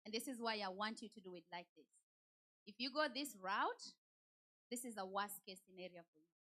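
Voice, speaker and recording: A woman giving a motivational talk at a church, telling personal stories in a direct and animated way. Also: mid-range voice, a little fast. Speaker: women's day speaker.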